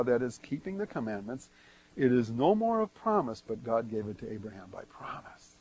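A man preaching verse by verse, reading scripture aloud and then explaining it, with strong swings between loud and soft. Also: medium pitch, very animated, a little fast, low-quality recording. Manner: emphatic swings in loudness. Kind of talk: verse-by-verse Bible teaching.

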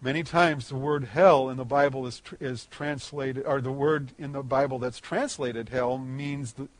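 A man preaching a sermon, explaining a Bible passage verse by verse in a conversational way, rising in pitch and volume on emphatic points. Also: fairly even intonation, normal speed, no room sound.

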